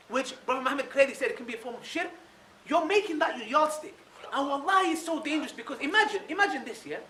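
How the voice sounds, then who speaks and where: A man giving an animated religious lecture to a live audience, firing off rhetorical questions and checking in with the listeners again and again. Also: very high-pitched. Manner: animated, keeps asking rhetorical questions with a tag "yeah?". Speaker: Islamic speaker addressing an audience. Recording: echoey room, voice from far off, faint noise.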